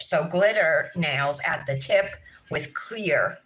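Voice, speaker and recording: A woman's voice: sits low, slow pace, a bit bright, low-quality recording. A woman in her thirties hosting a casual nail livestream, chatting in a sing-song way with her viewers. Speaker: nail vlog host. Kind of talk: casual livestream chat while doing nails.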